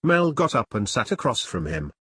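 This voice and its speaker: Man reading a story with lively pitch. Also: normal speed, slightly rough, no echo, studio quality. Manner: plain storytelling read, few voice changes for characters. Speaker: audiobook narrator. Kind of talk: scripted narration.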